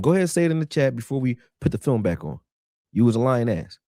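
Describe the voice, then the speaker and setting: A man hosting a casual live football film breakdown, talking in an animated, argumentative way and answering people in the chat. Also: mid-range voice, quick pace, no room sound, studio quality.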